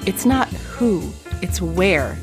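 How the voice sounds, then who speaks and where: A scheming teenage girl who spreads a juicy rumor, sly and mock-innocent, as a woman reading a book aloud puts her on. The voice sits fairly low, and music runs underneath the reading. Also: expressive, very slow.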